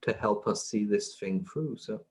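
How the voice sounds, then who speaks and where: A man's voice: lowish voice, normal speed, darkish tone, slightly rough. A man chatting as a player in a tabletop game, hesitant and full of fillers. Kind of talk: casual tabletop game chat.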